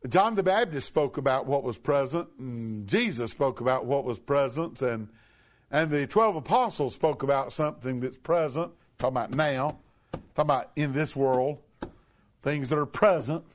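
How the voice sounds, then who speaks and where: A man preaching a sermon from a church pulpit, emphatic, with big swoops up to shouted peaks. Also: medium pitch, lively intonation, normal speed. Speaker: pastor.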